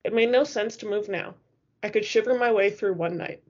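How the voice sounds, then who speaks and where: A woman's voice: mid-range voice, normal speed, a little mellow. Woman reading a novel aloud, lo-fi. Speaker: audiobook reader. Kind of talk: first-person novel narration.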